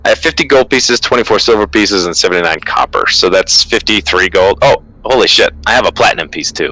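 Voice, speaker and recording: A man's voice: on the low side, expressive, brisk, bright, forceful tone, low-quality recording. A man playing a tabletop game, chatty and thinking aloud as he talks through his moves. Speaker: player. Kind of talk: casual tabletop play.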